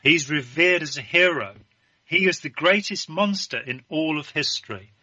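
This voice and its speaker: A man holds forth in a political discussion, emphatic and sure of his views. His voice is very bright and cutting. The sound is dry and a little muffled. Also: fairly high pitch, moderate pace, no room sound. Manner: emphatic and opinionated. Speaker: guest.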